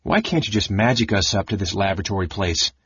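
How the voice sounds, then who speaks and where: A man voicing a big, burly male warrior who talks in a gruff, grumbling way. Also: on the low side, animated, fast talker, a bit bright, no room sound, highs cut off, heavily acted.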